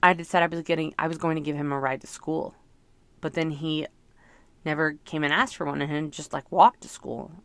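Gravelly-voiced woman musing aloud. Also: deep voice, fairly even intonation, a little fast, dry recording. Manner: rambling, thoughtful, many fillers. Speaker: parent sharing reflections. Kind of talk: casual reflective monologue.

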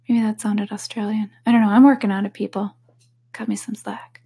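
A woman hosting a casual solo podcast, talking candidly and sometimes dropping into a soft whisper. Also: mid-range voice, level tone, a little fast, breathy edge. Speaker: podcast host.

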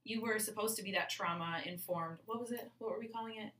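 A woman's voice: medium pitch, a little fast, fairly bright tone, recorded from a distance. A woman co-hosting a casual true-crime podcast, talking emphatically and swearing when she gets angry, recorded in a bathroom. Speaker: podcast co-host. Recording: echoey bathroom, off-mic.

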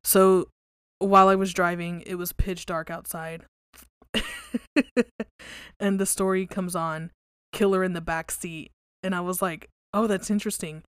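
A woman hosting a podcast, reading creepy stories aloud and then chatting casually, relaxed and conversational, with some swearing. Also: fairly low pitch, slow pace, pauses often, clean tone, dry recording, clean studio sound.

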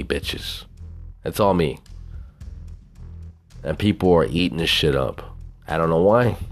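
A man with a Southern US twang talks through his own podcast in a loose, profane, bragging ramble. His voice sits extremely low, a deep bass rumble. Faint music plays underneath. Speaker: podcast host. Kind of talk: casual solo podcast talk.

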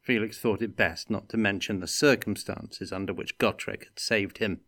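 A man reading a fantasy story aloud in a measured, deliberate way. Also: on the low side, steady tone, gravelly, a bit bright, dry recording, studio quality. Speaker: reader.

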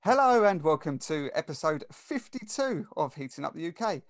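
Man, Essex English accent, chatty podcast host, fairly high voice, dry sound. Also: big pitch swings, normal speed, no room sound. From England. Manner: chatty, friendly, self-deprecating. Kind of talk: casual sports podcast chat.

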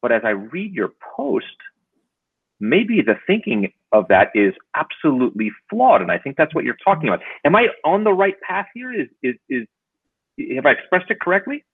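A man hosting an interview in a relaxed, halting way, full of fillers and restarts. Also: on the high side, husky, dry recording. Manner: hesitant, many fillers and restarts. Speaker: podcast host, contact center manager. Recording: tinny phone-like line, dry.

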